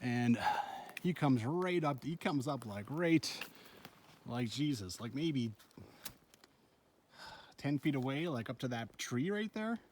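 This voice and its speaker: Out on a mountain trail, a middle-aged solo backpacker vlogs into a handheld camera, breathless and shaken as he recounts meeting a bear, swearing and rambling. His medium-pitched voice is animated yet slow, a little mellow, with long pauses and faint hiss or hum.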